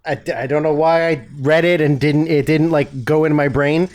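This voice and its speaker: A man co-hosting a podcast in casual chat, teasing his partner in a deadpan way. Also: a little high, moderate pace. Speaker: podcast co-host.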